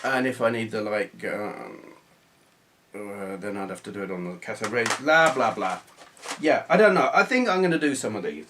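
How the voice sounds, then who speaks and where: A man's voice: lowish voice, animated, normal speed, fairly bright tone, a little hiss or hum. A man chatting casually to camera in a small room, rambling with restarts and self-deprecating asides. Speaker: retro gaming YouTuber. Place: small hot room under bright video lights.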